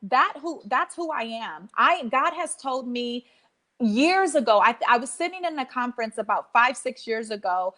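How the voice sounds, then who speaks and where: A woman in her thirties speaks in a fairly high voice as a guest on a podcast. She talks with a preacher's emphasis and repeats phrases as she drives each point home. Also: animated, moderate pace, sharp tone. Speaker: podcast guest, life coach. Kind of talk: casual heartfelt interview talk.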